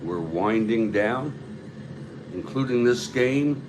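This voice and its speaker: A man hosting a tabletop baseball replay, giving calm, measured play-by-play with chatty asides to viewers. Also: medium pitch, noisy background. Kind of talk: play-by-play commentary of a board game replay.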